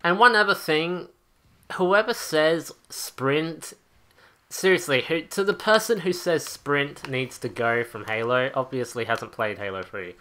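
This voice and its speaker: A man's voice: on the high side, unhurried, bright, forceful tone. A man ranting angrily over gameplay, profane and exasperated, as a gaming channel host. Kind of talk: angry gameplay rant.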